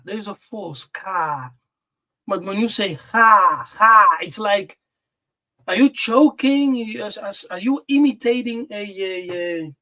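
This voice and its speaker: Slow, deliberate male Bible teacher. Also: high-pitched, sharp tone. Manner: slow, deliberate, repeats words for emphasis. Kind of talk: live-streamed scripture lesson.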